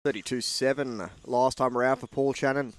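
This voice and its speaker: A man's voice: mid-range voice, normal speed, clear, resonant tone, no echo. Man calling race laps. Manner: steady, informative lap calls. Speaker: race commentator. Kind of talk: play-by-play race commentary.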